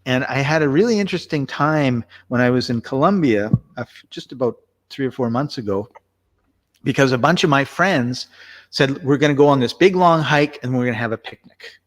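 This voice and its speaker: A man's voice: mid-range voice, animated, moderate pace. A man chatting casually as co-host, telling a rambling story with lots of restarts. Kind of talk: casual conversational chat.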